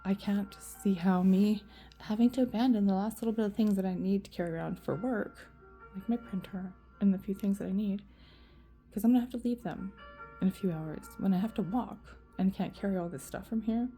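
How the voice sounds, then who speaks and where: Woman vlogger, low dark gravelly voice, rambling profane venting to camera. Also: a little fast, soft background music. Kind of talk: emotional rant to camera.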